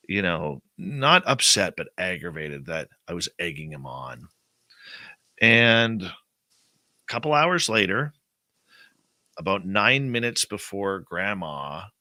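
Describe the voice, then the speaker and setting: Deep voiced guy telling a story slow and bright, dry close sound. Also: dry recording. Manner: animated personal storytelling, acts out quotes. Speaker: guest. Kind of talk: storytelling in an interview.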